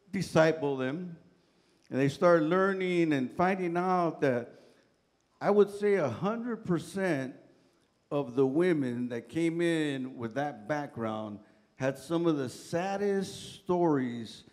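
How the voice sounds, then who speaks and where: Middle-aged male pastor with a high voice, preaching through loose, chatty personal anecdotes. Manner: casual, colloquial storytelling with frequent "man" and "right?". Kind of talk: sermon with humorous personal stories. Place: church sanctuary.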